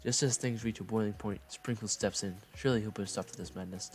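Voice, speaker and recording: Low-voiced man reading a game aloud. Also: fairly even intonation, quick pace, hardly any pauses, soft background music. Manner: playful, breaks off for jokes.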